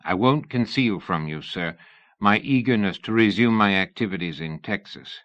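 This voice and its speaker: A man voicing a pompous, sullen middle-aged gentleman who speaks huffily, in an audiobook reading. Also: on the low side, normal speed, dry recording, lo-fi sound, natural voice. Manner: pompous, huffy.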